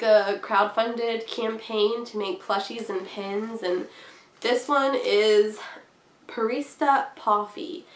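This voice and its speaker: A woman's voice: medium pitch, creaky, reverberant. A young woman with a cold chatting casually through a craft haul, bubbly and rambling, giggling often. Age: young adult. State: has a cold, coughing. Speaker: craft vlogger.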